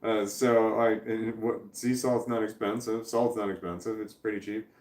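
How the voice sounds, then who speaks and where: A man's voice: fairly low pitch, level tone, moderate pace, a little mellow. Guy rambling on his livestream, keeps restarting sentences, echoey room, mic kinda far. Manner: rambling, thinks aloud, restarts often. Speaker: livestreamer reading chat. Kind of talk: casual live chat.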